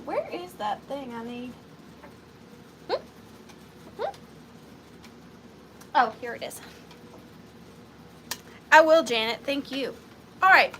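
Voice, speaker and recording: A woman with a Southern US accent runs a live sale of vintage goods, chatting and gushing over each piece as she greets viewers by name. Her voice sits high and she takes her time. A faint hiss of background noise runs under the recording. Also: big pitch swings, takes it slowly, long pauses, fairly bright tone, low-quality recording. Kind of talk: live selling vintage antiques.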